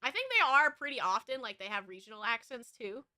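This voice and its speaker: A woman VTuber streamer with an American West Coast accent chats casually, rambling along with frequent fillers and restarts. Her voice sits on the high side and comes across very animated, fairly quick, pushed and bright. The recording is clean studio sound with no room sound.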